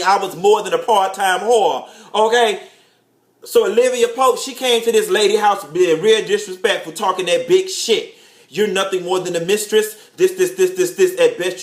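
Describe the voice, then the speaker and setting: Sassy high-voiced man, echoey room. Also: a bit bright. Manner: flamboyant, sassy, peppered with "honey" and "child". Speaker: show host and TV recapper. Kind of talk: animated gossip recap.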